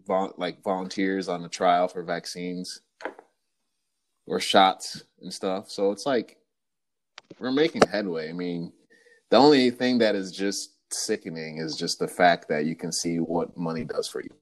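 Very deep-voiced man in casual chat. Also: a little slow. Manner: slangy, rambling, acts out quotes.

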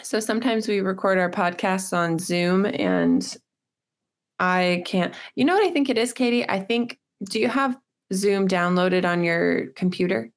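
Co-host: woman, mid-pitched, teasing and quick to laugh, on a browser video call. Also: expressive. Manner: teasing, laughing, interviewer questions. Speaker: podcast co-host. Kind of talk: casual chat.

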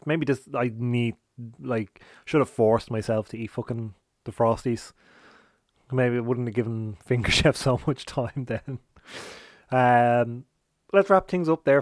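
A man's voice: mid-range voice, a little mellow, no echo, clean studio sound. A man hosting a podcast, chatting casually and playfully, often swearing. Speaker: podcast host. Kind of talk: casual chat.

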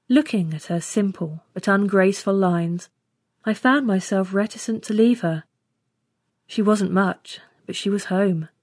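A woman narrating a first-person science fiction story in steady, scripted storytelling. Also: mid-range voice, dry recording. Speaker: story reader.

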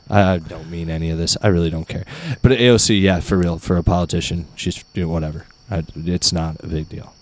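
A man's voice: deep voice, steady tone, a little fast. A man hosting a casual podcast, joking crudely and rambling in loose chat. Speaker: podcast host. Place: porch, outdoors.

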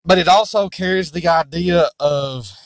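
A male preacher teaching scripture at a very slow, deliberate pace, his voice pitched fairly high for a man. He speaks earnestly and with emphasis, and the dry recording has no room sound. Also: dry recording. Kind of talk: sermon-style Bible teaching.

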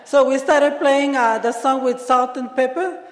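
A woman's voice: sits high, steady tone, measured pace. A woman sharing her story as a speaker on a conference panel, laughing often and restarting her sentences. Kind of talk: personal recovery share. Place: large conference hall. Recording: echoey hall.

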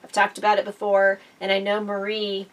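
A woman's voice: medium pitch, completely flat delivery, a little fast. Middle-aged woman co-hosting a podcast, chatty storytelling with lots of laughing, a bit far from the mic. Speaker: podcast co-host. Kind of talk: casual chat.

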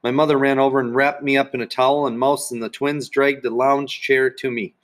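A man narrates a children's story aloud in the first person, his voice mid-pitched and even. The reading is plain and steady, told as an audiobook. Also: a little fast.

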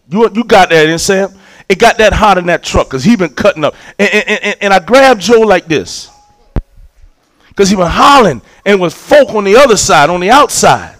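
A man, preaching a sermon as a story, acting out scenes and repeating words when excited. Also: sits high, dry recording, rough recording.

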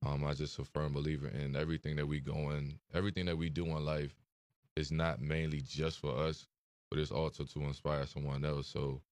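A very deep-voiced young man talks in an interview, slow to find his words and full of fillers. His delivery stays flat and even. The sound is dry and close. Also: no room sound. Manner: soft-spoken, hesitant, many fillers. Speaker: interview guest. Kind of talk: emotional interview conversation.

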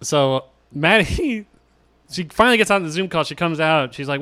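A man co-hosting a podcast, telling a story in casual chat, animated and laughing as he acts out other people's lines. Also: fairly high pitch, normal speed, no echo. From New York City. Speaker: podcast co-host.

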